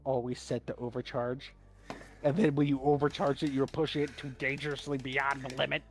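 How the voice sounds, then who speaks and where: Male co-host, mid-pitched everyday voice, profane storytelling rants. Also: a little fast, soft background music. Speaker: podcast co-host. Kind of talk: casual chat.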